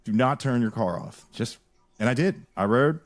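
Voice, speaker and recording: Man, podcast host, animated, rambling, casual chat. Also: mid-range voice, moderate pace. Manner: animated, rambling, restarts often.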